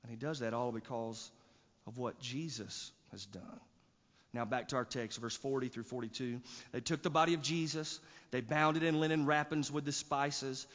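A man's voice: medium pitch, a bit bright. A male pastor preaching a sermon, emphatic, with rising bursts and repeated words. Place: church sanctuary. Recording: church hall reverb, dull lo-fi sound.

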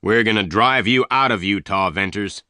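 A man's voice: fairly low pitch, normal speed, bright, forceful tone, no echo, clean studio sound. A man voicing an angry, jealous village leader in a storybook reading. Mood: stern.

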